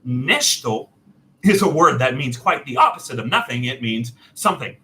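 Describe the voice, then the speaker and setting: A man casually telling a personal story, animated and self-deprecating, laughing often. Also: medium pitch, normal speed, poor audio. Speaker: storyteller host.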